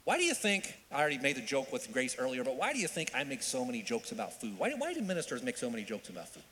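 A male minister preaching a sermon in an animated way, with joking asides and repeated phrases for emphasis. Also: medium pitch, quick pace, a little hiss or hum. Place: church sanctuary. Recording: long church reverb.

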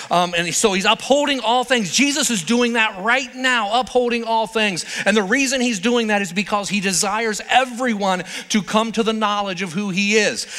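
A male preacher delivering a sermon in a playful, conversational storytelling style. His voice sits high and sounds bright and forceful. Long hall reverb trails behind his words. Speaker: pastor.

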